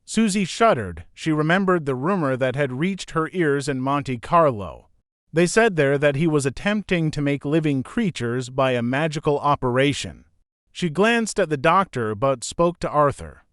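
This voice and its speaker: A man narrating a gothic audiobook in an expressive storytelling manner. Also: on the high side, moderate pace, clear, resonant tone, no room sound, clean studio sound. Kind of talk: scripted narration.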